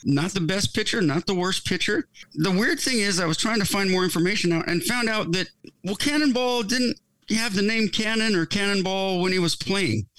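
A man's voice: sits high, normal speed, fairly bright tone, no room sound, low-quality recording. A man co-hosting a podcast who tells a story in a casual, wry, amused way. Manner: wry, amused, with chuckles in his telling. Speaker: podcast co-host.

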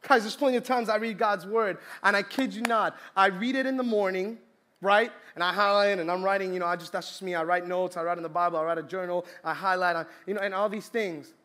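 Young male preacher from Colombia, high bright tone, animated storyteller. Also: quick pace. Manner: storytelling, lively, shouts and laughs in the story. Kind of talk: sermon.

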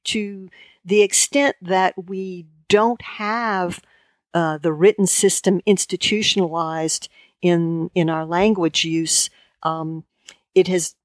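Woman, lowish voice, halting. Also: steady tone, no room sound, clean studio sound. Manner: halting, frequent restarts and fillers. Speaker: guest lexicographer. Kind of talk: conversational interview.

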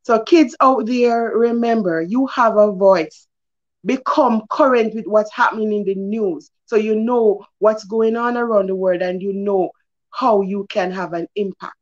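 A woman's voice: medium pitch, measured pace, lo-fi sound. A woman hosting a kids' news segment, talking earnestly and emphatically to children, her voice swooping up on key words. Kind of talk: preachy morning-show talk to kids.

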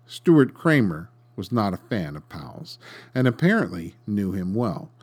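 A man's voice: fairly low pitch, big pitch swings, a little slow, a little mellow, breathy edge. A man hosting a podcast, reading a scripted history narration with dry, sarcastic asides. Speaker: podcast host.

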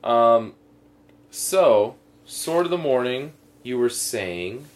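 A man's voice: mid-range voice, animated, drawn-out words. A man co-hosting a comedic radio talk show, trading dry, teasing banter. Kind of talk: casual comedic chat.

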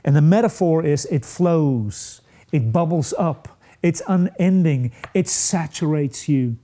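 A male preacher delivers a sermon at an unhurried pace, his voice sitting a little high for a man. The tone is warm and mellow. He builds to emphatic peaks and then lets weighty pauses hang. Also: animated.

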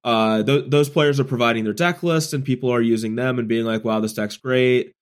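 A sick man with a rough voice co-hosts a casual gaming podcast, speaking a little fast in a mid-range voice. He's a tournament player who explains his views thoughtfully and at length, often restarting his sentences.

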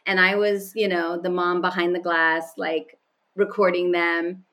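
A woman appears as a podcast guest, candidly and animatedly sharing personal stories in conversation and laughing a lot. Her voice is lowish and fairly bright in tone, though her delivery is flat and a little slow.

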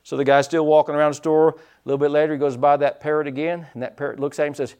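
A man preaching a sermon as pastor, folksy, telling stories and swinging his loudness up and down, from the United States. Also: on the high side, flat delivery, very fast, smooth. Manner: folksy storytelling preacher, rising and dropping loudness.

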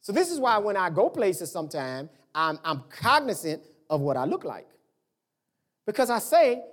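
A man's voice: high voice, big pitch swings, measured pace. A male pastor giving a conversational, folksy sermon, acting out little dialogues as he goes.

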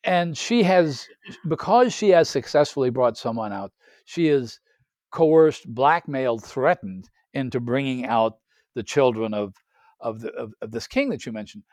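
A man's voice: medium pitch, animated, a little slow, a little mellow, no echo, studio quality. A man co-hosting a podcast, stumbling over names with jokey asides as he sums up the story for listeners. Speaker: podcast co-host. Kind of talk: casual interview talk.

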